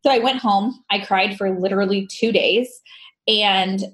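A woman's voice: medium pitch, unhurried. A woman guest telling her personal story candidly, laughing often and acting out the dialogue. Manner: animated, laughs often, acts out quoted dialogue.

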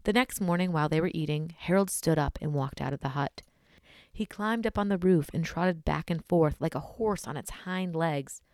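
A woman's voice: low voice, moderate pace, darkish tone, no room sound, clean studio sound. A woman podcast host reading a scary story aloud in a casual, blunt way. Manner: casual and blunt, swears in asides.

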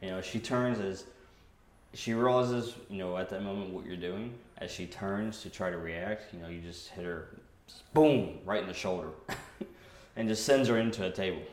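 A man's voice: low-pitched, steady tone, normal speed. A man running a tabletop game as game master, narrating the action with laughs and sound effects. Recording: roomy with faint noise.

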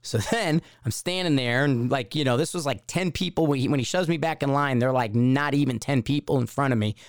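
A man hosts a podcast and tells a personal story in a loose, rambling way, slipping into the voices of the people in it. His voice is smooth and clear at a middle pitch. The recording is dry and close, with no room echo. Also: brisk. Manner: rambling anecdote with acted-out quotes. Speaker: podcast host. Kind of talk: casual storytelling.

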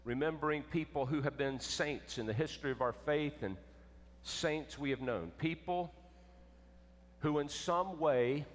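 A man preaching a sermon, emphatic, swinging between loud and hushed. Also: fairly high pitch. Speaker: pastor. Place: church sanctuary. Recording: echoey church with long reverb.

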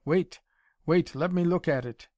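Guy reading as a shrill panicky villain scientist, high and frantic, dry close sound. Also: lively intonation, moderate pace, no room sound, close to an everyday voice. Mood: eager. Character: shrill desperate scheming male scientist villain.

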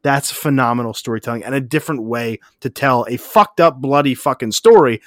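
A man's voice: medium pitch, a little fast, a bit bright, dry recording, studio quality. A man co-hosting a casual podcast, talking in a profane, enthusiastic, rambling way. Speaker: podcast co-host.

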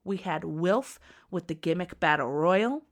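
A woman in her thirties hosting a podcast, bubbly and laughing, swinging from loud to soft. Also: lowish voice, expressive, measured pace. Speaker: podcast host.

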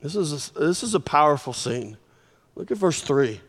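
A man preaching a sermon, telling the story in an animated way, with sudden swings in volume. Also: a little high, moderate pace, breathy edge. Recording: long reverb of a large hall.

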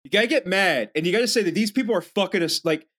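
A man co-hosting a podcast in casual chat, profane and rambling, slipping into animated impressions. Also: sits high, quick pace. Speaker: podcast co-host.

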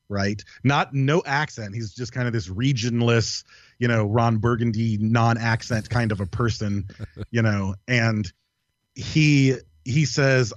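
A man tells a story with a guest's loose energy, swearing freely and laughing along with himself. His voice sits at a middling pitch. The recording is dry and a little dull. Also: slow pace, no echo. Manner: animated, profane, laughs through his story. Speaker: podcast guest. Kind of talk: casual storytelling.

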